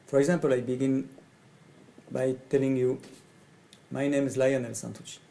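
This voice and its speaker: A middle-aged man from France with a French accent, a coach speaking in halting English and often repeating his phrases. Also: medium pitch, little pitch movement, creaky, mellow, rough recording. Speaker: coach and facilitator. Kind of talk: speaking to camera about his training.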